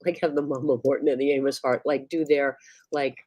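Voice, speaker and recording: A woman's voice: very deep voice, steady tone, fairly quick, dark tone, dry recording. A woman co-host and performer chatting casually and bubbly on a livestream video call.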